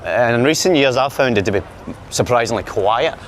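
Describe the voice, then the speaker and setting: This walking vlog features a Glaswegian Scottish man whose mid-range voice has lively intonation and a fairly quick pace. He films himself handheld outdoors in the city, bantering jokily with his audience amid slight background noise.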